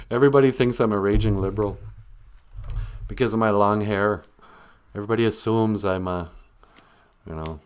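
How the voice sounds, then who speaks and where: Joking man, low voice. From Montana. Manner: joking, laughs often, rambling asides. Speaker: livestream host. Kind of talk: casual comedic monologue.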